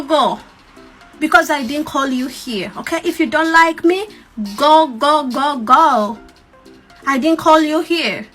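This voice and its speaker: A woman's voice: high-pitched, fairly bright tone. A young woman, speaking defiantly and emphatically to her followers, repeating herself. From Uganda. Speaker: TikTok creator. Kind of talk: defiant talk to camera.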